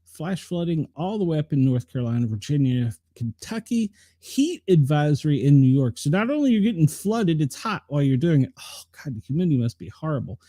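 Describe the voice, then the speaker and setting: Host: middle-aged man, dark mellow tone, lively pitch, chatty and rambling. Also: brisk, hardly any pauses, no echo, clean studio sound. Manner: chatty, rambling, talks to viewers by name. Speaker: show host reading the weather. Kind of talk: casual live-stream weather rundown.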